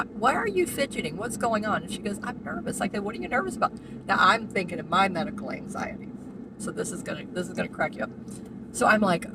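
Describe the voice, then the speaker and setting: A woman in her sixties telling a meandering personal story while driving, full of asides and fillers. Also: fairly low pitch. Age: 60s. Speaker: vlogger. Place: inside a car while driving. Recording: car road noise behind. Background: car engine and road noise.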